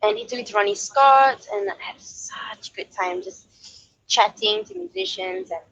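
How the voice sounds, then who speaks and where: A woman's voice: a little high, normal speed, slightly rough, no echo, highs cut off. A young woman from Malaysia, a singer-songwriter, telling a story in a casual interview and acting out quoted voices. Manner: lively, acts out quoted voices, laughs often.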